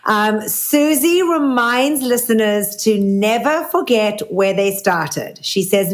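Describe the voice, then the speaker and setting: A woman's voice: mid-range voice, animated, takes it slowly, hardly any pauses. Chatty South African woman co-host. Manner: chatty, with frequent ums and restarts. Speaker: podcast co-host. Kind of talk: casual news chat.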